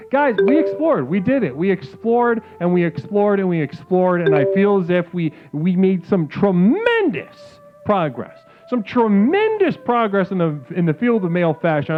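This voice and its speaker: A man hosting a comedic live call-in stream, reading chat aloud in a mock-spiritual, swearing manner. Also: fairly high pitch. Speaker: livestream host. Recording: phone-like lo-fi sound with music behind.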